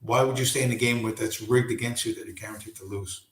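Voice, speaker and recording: A man hosting a casual late-night livestream from home, hoarse and losing his voice, talking in a rambling, profane way full of restarts. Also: fairly low pitch, fairly even intonation, fast, fairly bright tone, reverberant. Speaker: livestream host.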